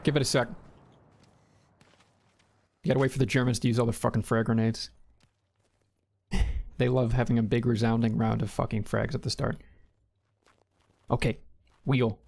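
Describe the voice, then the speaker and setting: A man's voice: medium pitch, level tone, normal speed, vocal fry, pauses often, darkish tone. A man streaming a war game, chatting casually, swearing, and giving squad orders over voice chat.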